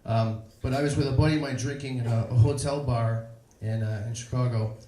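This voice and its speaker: A man doing a stand-up set on a club stage, telling stories in a deadpan, self-mocking way. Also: mid-range voice, brisk. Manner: deadpan self-mocking storyteller, jumps into put-on voices. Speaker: stand-up comedian. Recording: echoey club with crowd noise.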